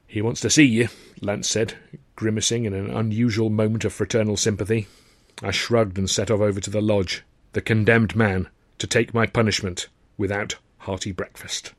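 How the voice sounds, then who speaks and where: Man reading his own novel, dry wry delivery, mid pitch, dead studio sound. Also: dry recording. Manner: dry, wry storytelling with acted dialogue. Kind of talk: audiobook narration.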